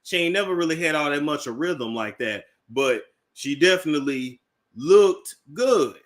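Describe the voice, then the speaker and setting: A man with a Midwestern accent hosting a gossip livestream, talking straight to his chat in an animated, exclaiming way. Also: on the high side, moderate pace. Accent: Midwestern American. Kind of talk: casual commentary.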